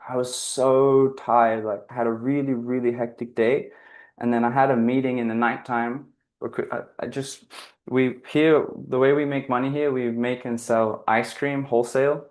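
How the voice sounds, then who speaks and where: A man at an ordinary mid pitch talks through a personal anecdote that he turns into a spiritual lesson. He rambles earnestly, corrects himself often and fills his sentences with "like". The delivery is loose and conversational, not scripted. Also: level tone, moderate pace. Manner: earnest, rambling, self-correcting, heavy use of "like". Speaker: guest speaker on spiritual living. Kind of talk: casual reflective storytelling talk.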